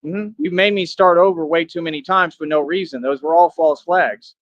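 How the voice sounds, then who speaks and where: A man's voice: on the high side, moderate pace, a bit bright, dry recording, lo-fi sound. A man on a livestream, boasting and trash-talking his viewers in a brash, confrontational, slangy way.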